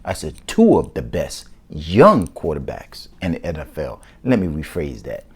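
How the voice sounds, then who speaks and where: A man hosting his own football talk show, excited and slangy in a casual commentary style. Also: extremely low pitch, measured pace, breathy edge.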